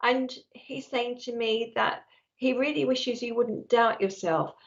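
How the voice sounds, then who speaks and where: A woman's voice: a little high, unhurried, vocal fry. Woman, psychic medium, chatty, affectionate, live-stream reading, earphone mic, slightly muffled sound. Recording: slightly dull lo-fi stream audio.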